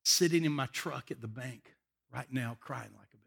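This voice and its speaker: An older man preaching a sermon, an animated, emotional storyteller who often laughs. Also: medium pitch, normal speed, gravelly, slightly rough. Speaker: pastor.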